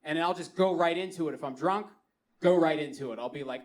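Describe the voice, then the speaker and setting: A young man with a Baltimore accent doing a stand-up comedy set on a club stage, telling stories in an animated, playful way. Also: a little high, fairly quick. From Baltimore, Maryland.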